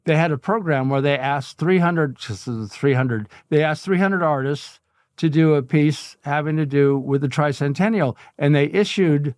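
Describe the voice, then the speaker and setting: Older man telling lively anecdotes. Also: a little high, normal speed, clean tone, dry recording, studio quality. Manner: animated anecdotes with chuckles. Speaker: guest artist. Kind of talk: casual storytelling interview.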